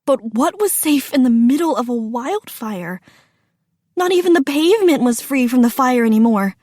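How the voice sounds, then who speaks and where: A woman narrating a children's storybook with a steady, deliberate reading. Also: high-pitched, dry recording, clean studio sound.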